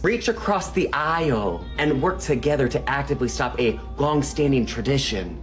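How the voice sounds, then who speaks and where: A man's voice: mid-range voice, natural voice. A man voicing a folksy, righteous middle-aged Texas mother in a sing-song drawl with a Texan accent. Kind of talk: comedy sketch character.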